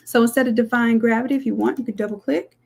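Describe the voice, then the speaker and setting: She talks fast in a fairly high, steady voice that is creaky, slightly mellow, and breathy at the edges. As a design instructor on a live screen-share, she chats with viewers, says "y'all," and takes them through the process.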